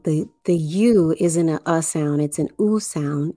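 A woman from the New Orleans area giving a slow explanatory monologue, with deliberate, drawn-out phrasing and pauses. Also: low-pitched, mellow, dry recording, studio quality.

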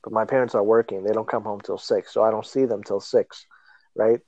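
Young male podcast co-host, animated storyteller who acts out voices, dry close sound. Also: fairly low pitch, fairly quick, no echo, dull audio. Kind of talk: casual chat.

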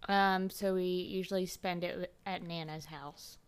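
A woman's voice: fairly low pitch, fairly even intonation, measured pace, clear, resonant tone. A young woman hosting a casual podcast, telling laid-back stories with frequent giggles. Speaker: podcast host. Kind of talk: casual chat.

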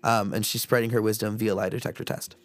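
A man's voice: lowish voice, fairly even intonation, quick pace, no room sound. A man co-hosting a casual podcast, joking and rambling with restarts. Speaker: podcast co-host. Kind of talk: casual chat.

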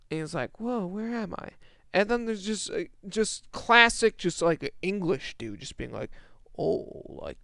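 A man's voice: high-pitched, fairly bright tone, smooth, dry recording, clean studio sound. A young man in a casual, exasperated rant about a movie, swearing and restarting his sentences as he rambles. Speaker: movie reviewer.

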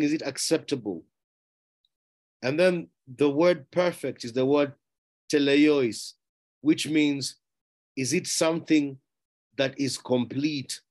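A man preaching a sermon, emphatic, asking rhetorical questions and repeating key phrases. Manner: rising in pitch and loudness on key words.

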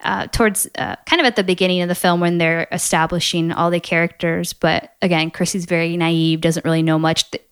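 A woman co-hosting a casual movie podcast, chatty and quick to laugh, pausing with ums. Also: fairly low pitch, steady tone, clear, resonant tone. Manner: chatty, laughs often, pauses with um. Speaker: podcast co-host. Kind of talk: casual movie-review chat.

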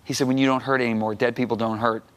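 A middle-aged man, a guest minister, telling a personal testimony on a talk show, acting out the dialogue and rising loud when emphatic. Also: mid-range voice, little pitch movement, racing. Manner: acts out quoted dialogue.

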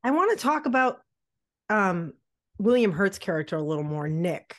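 A woman's voice: mid-range voice, big pitch swings, normal speed, no echo, studio quality. A woman co-hosting a podcast, chatting casually and sarcastically about an old film. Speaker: podcast co-host.

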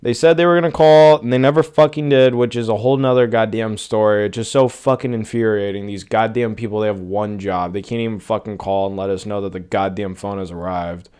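A man's voice: on the low side, steady tone, brisk, few pauses, a little mellow, smooth. A young man hosting a casual solo podcast, ranting in an exasperated, profane way. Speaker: podcast host.

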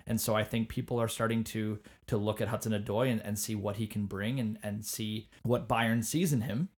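Casting: male podcast host, casual and animated, stumbles into his points. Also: fairly low pitch, moderate pace. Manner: animated, repeats words when starting a point. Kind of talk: casual sports podcast chat.

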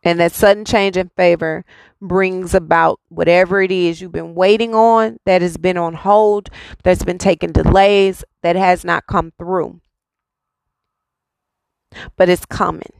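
Gravelly-voiced woman giving a spiritual reading. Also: on the low side, steady tone, unhurried, no echo, poor audio. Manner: repetitive, insistent phrasing; reassuring. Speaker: spiritual reader.

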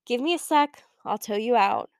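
A woman's voice: fairly high pitch, lively intonation, moderate pace, creaky, smooth, dry recording, studio quality. A woman doing an easygoing, helpful bearded guy. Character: friendly bearded young man, easygoing. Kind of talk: audiobook character voice.

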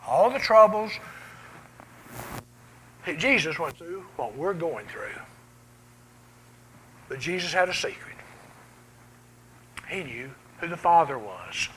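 A man preaching a sermon in a church, swinging from loud cries down to hushed, quiet lines. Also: fairly high pitch, slight background noise, rough recording.

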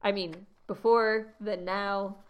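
A young American woman hosting a travel podcast, telling a story in a lively, laughing way. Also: mid-range voice, slow pace, muffled recording. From United States. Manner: animated storyteller, laughs often. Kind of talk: casual storytelling chat.

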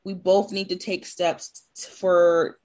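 A woman co-hosting a podcast, chatty and lively in casual conversation. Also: lowish voice, slow. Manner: chatty, lively, laughs while acting out scenes. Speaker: podcast co-host. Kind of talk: casual chat.

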